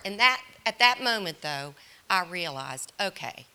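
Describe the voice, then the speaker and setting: A middle-aged mother on a parenting panel, telling a story in an animated way and acting out both her own lines and other people's. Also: mid-range voice, unhurried, clean tone.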